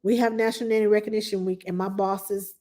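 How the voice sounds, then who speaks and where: Chatty woman, mellow voice. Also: mid-range voice, level tone, fast. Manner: chatty, rambling, with frequent fillers and laughs. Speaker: nanny hosting a live Q&A stream. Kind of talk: casual live-stream sign-off chat.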